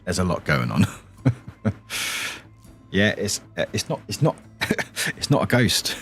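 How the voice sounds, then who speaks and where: A man chatting softly on a stream in his deep morning voice, rambling and chuckling often. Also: very animated, slow pace, faint music behind. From England. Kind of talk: soft-spoken casual stream chat.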